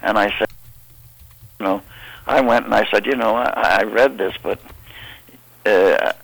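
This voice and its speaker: An older man, an actor being interviewed, telling stories in a halting, meandering way. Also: lowish voice, vocal fry, a bit bright, rough recording. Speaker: actor guest. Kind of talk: interview storytelling.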